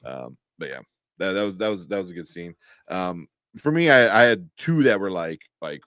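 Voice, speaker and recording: Guy cohosting a show review podcast, gets excited and laughs, dry close sound. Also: low-pitched, moderate pace, no echo. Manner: animated, laughs often, many fillers. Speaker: podcast co-host. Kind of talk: casual review chat.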